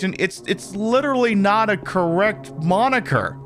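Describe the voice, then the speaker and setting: A man's voice: sits high, animated, moderate pace, hardly any pauses, fairly bright tone, soft background music. A man streaming a horror game, chatting casually in a rambling, opinionated way with lots of fillers. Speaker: livestreamer. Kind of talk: casual gameplay commentary.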